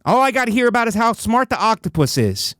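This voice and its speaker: A male comedian holds forth alone at a studio microphone, his voice sitting a touch high for a man. He slips into grand, mock-motivational rants, then drops into low, offhand asides. The sound is dry and close, with almost no room around it. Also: fast, no echo. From United States. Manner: mock-motivational ranting, swinging between high excited bursts and low, flat asides. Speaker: comedian and podcast host. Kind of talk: solo comedic podcast monologue. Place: podcast studio.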